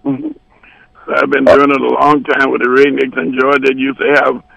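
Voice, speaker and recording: Guy w a gravelly raspy voice rambling thru dirty stories on air, dry sound. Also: medium pitch, monotone, brisk, sharp tone, no echo, lo-fi sound. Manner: bawdy, rambling, jumps between stories. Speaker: guest musician. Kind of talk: casual storytelling on radio.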